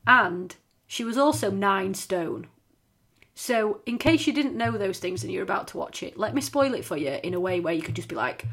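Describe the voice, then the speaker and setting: A woman's voice: mid-range voice, expressive, normal speed, fairly bright tone, breathy edge. A woman, chatting casually and swearing freely as a podcast co-host. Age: 30s. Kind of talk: casual chat.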